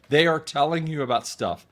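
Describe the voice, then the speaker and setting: A man, an audiologist, giving a rambling monologue commentary to his viewers, often repeating words, restarting sentences and clearing his throat. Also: on the high side, fairly bright tone.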